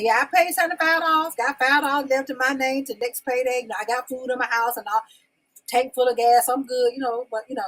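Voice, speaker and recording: A woman's voice: high voice, a bit bright, rough recording. A woman hosting her own live-stream talk show, chatting casually with viewers and coaxing them to answer in the comments, repeating her questions. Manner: folksy, addresses viewers as y'all and babies.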